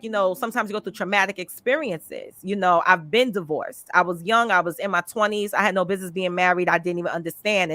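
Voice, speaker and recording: A woman hosting a podcast, telling personal stories in an animated, chatty way full of "you know" and "like". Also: medium pitch, dry recording. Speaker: podcast host and life coach. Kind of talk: candid conversational storytelling.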